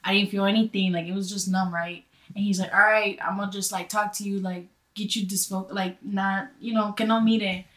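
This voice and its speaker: A young woman chatting as a guest, swearing freely and piling on fillers. She tells her story with lively, casual energy, her voice at an everyday middle pitch. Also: moderate pace, hardly any pauses. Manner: animated, profane storytelling with lots of "like".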